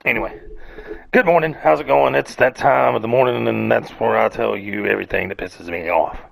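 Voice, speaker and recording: Rambling profane man with a gravelly voice. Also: medium pitch, a little fast, dry recording. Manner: rambling, profane, self-mocking. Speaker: podcast host. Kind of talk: casual rant.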